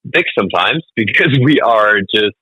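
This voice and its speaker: A man from Germany, telling lively stories and laughing often as a comedy guest in a casual interview. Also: fairly low pitch, moderate pace, husky, no room sound, poor audio. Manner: animated storytelling, laughs often.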